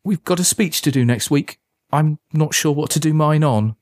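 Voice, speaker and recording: A man voicing an anxious, easily embarrassed teenage boy who talks quickly and defensively. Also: lively intonation, darkish tone, no echo, natural voice. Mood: evasive. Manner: quick, defensive and squeaky when upset.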